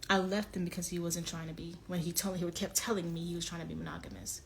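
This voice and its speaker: A woman's voice: fairly low pitch, little pitch movement, fast, creaky, a little hiss or hum. A young woman speaking on a phone livestream, earnest and confrontational as she calls someone out and then pleads with them. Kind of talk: emotional livestream monologue.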